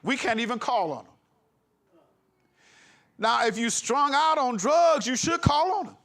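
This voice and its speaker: A man's voice: very high voice, expressive, unhurried, a bit bright. A man preaching a sermon with an impassioned, emphatic delivery, breaking into laughs. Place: congregation hall.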